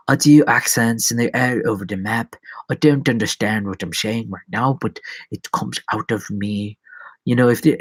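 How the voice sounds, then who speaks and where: A man's voice: medium pitch, dry recording. A man talking casually on a live stream, rambling and joking at himself with many restarts. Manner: rambling, self-mocking, many restarts and asides.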